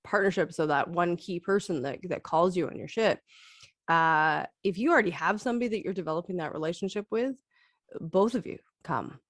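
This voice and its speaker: A woman's voice: lowish voice, brisk, no echo, clean studio sound. A woman co-hosting a casual talk, speaking in a thoughtful, candid way. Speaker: co-host. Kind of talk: casual chat.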